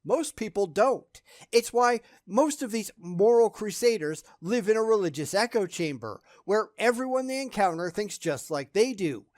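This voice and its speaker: A man's voice: high voice, expressive, moderate pace, hardly any pauses, darkish tone, no room sound, studio quality. A man giving sarcastic reaction commentary, blunt and scornful in how he talks.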